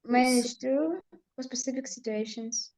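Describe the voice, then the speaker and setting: A woman's voice: sits high, unhurried, darkish tone, low-quality recording. A woman, a student reading English exercise sentences aloud in an online class.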